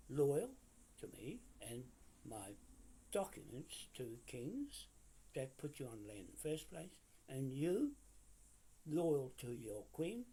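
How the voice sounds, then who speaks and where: A man's voice: medium pitch, darkish tone, husky. An older man, delivering an indignant, confrontational monologue to camera. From New Zealand. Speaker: video commentator.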